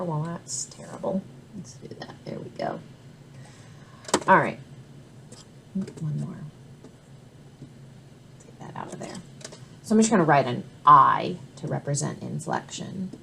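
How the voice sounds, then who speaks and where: A woman's voice: on the low side, slightly rough. A woman recording a math lesson, explaining step by step with patient "all right?" check-ins. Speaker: math instructor.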